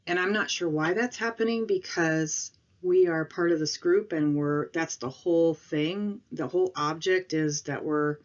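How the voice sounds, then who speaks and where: A woman from the Midwest of the United States with a Midwestern accent, rambling and apologetic in a casual vlog, with pauses and ums. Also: sits low, highs cut off. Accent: Midwestern American. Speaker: vlogger. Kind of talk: casual talk to camera. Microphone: home recording.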